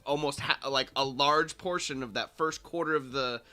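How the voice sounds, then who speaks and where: A man chatting on a livestream from a home studio, laughing often and talking excitably with many restarts. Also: medium pitch, moderate pace. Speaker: guest co-host. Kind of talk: casual livestream chat. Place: home studio in a bedroom corner.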